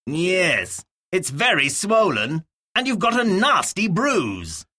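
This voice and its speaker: A woman voicing a calm doctor in a language-course dialogue. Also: fairly low pitch, slow, full character voice.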